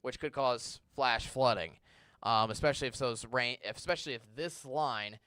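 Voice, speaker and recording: Smooth-voiced TV weatherman in conversation. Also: mid-range voice, normal speed, sharp tone, no room sound. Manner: conversational, reads viewer questions aloud; stumbles and restarts when searching for words. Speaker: meteorologist. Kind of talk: live weather Q&A. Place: TV station studio.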